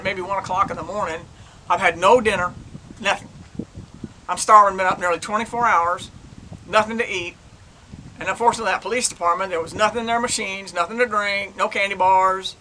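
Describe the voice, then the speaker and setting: A man's voice: high-pitched, level tone, moderate pace, pauses often, sharp tone, a little hiss or hum, rough recording. An older man, a retired police detective, casually telling a case story in a chatty, rambling way and retelling the dialogue. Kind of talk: casual true-crime storytelling.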